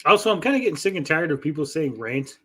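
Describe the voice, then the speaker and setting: A man's voice: a little high, very animated, fast talker, fairly bright tone, slightly rough. A man hosting a livestream, chatting casually while reacting to videos, blunt and sarcastic with lots of swearing. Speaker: streamer host.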